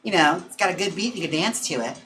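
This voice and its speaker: On poor audio with a little hiss or hum and background music, a young adult man's high-sitting voice comes across sharp with lively intonation. He's a drag performer chatting on a live stream, reading comments, gossiping with lots of "like" and "girl," and laughing quickly.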